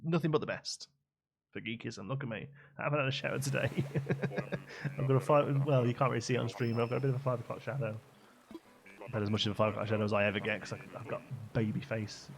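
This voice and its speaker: A man's voice: medium pitch, fairly even intonation, fast, creaky, background noise. A young man chatting and joking on a live stream while playing a game, humming little tunes between comments. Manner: chatty, jokey, hums and sings tunes. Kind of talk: casual live-stream chat.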